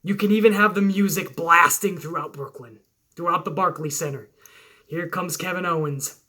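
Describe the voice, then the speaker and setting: A man hosting a wrestling show, telling his own booking of a match blow by blow, excitedly and with lots of swearing. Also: high-pitched, moderate pace. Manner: excited, swearing storyteller narrating moves blow by blow. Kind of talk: profane fantasy-booking play-by-play.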